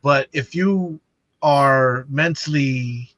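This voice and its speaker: Bright-voiced guy making his case on a podcast, dead dry mic, keeps asking you know what i mean. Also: mid-range voice, very slow, no room sound, dull audio. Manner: argumentative, rhetorical questions. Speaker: podcast co-host. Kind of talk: casual chat over drinks.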